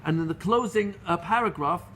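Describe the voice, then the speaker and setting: A middle-aged rabbi giving a Torah lecture, telling stories in an earnest, animated way with frequent restarts. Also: male voice, high-pitched, fairly quick, a little hiss or hum. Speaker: rabbi teaching a class.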